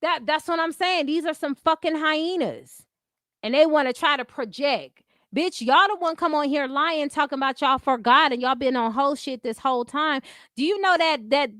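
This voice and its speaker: A woman's voice: high-pitched, normal speed, a bit bright, no echo, studio quality. A woman hosting an unscripted commentary stream, talking bluntly with heavy profanity and repeating her catchphrases.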